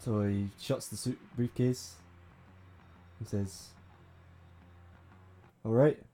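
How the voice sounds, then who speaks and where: A man's voice: on the low side, fairly even intonation, slow pace, mellow, faint music behind. Man running a tabletop game, laughing. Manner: laughs often, rough swearing banter. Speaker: game master. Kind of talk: narrating a tabletop role-playing game.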